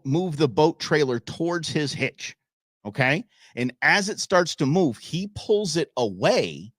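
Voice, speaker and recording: Excitable man reacting to clips. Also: a little high, breathy edge, no room sound. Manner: excitable, laughing, exclaiming at the clips. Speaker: show host. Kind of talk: casual commentary on viral clips.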